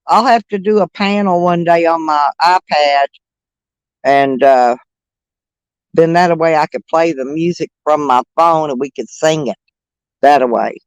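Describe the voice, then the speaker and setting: A middle-aged man talks to his livestream viewers in a high, light voice, drifting from one topic to the next and breaking into laughter along the way. His speech is loose and full of fillers, and the sound is dry and close, with no room echo. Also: unhurried, clear, resonant tone, highs cut off. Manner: rambling and chatty, laughing often, many fillers. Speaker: live streamer. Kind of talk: casual livestream chat with viewers.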